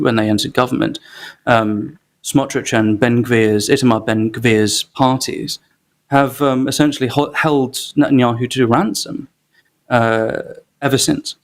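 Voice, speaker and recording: Articulate man guest discussing his book. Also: medium pitch. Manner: measured, articulate, frequent um and uh fillers. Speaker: author guest. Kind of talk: political interview.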